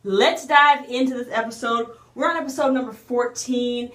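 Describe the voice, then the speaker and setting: A woman's voice: fairly high pitch, fairly even intonation, normal speed, fairly bright tone. Chatty woman recapping a drama, echoey room. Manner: chatty and emotional, with many fillers and restarts. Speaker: drama reviewer. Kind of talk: casual recap review.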